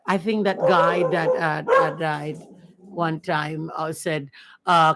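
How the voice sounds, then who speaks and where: A woman's voice: sits low, fairly even intonation, slow pace, a bit bright, a little hiss or hum. Woman hosting a casual livestream, chatty and earnest, says things twice. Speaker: livestream host.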